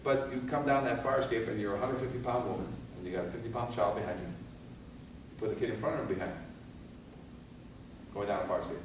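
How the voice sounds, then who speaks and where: A man giving a fire safety seminar, animated and firing rhetorical questions at his audience, recorded in a seminar room. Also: fairly low pitch, brisk, pauses often, noisy background. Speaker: fire escape safety instructor. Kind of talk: seminar lecture. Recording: echoey hall from far off.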